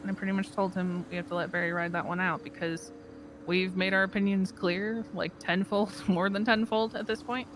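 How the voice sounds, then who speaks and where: A fellow player recounting events in character during a game roleplay, rambling and quoting others with quick laughs. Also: medium pitch, little pitch movement, a bit bright, slight background noise. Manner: rambling storyteller, quotes others, laughs mid-sentence.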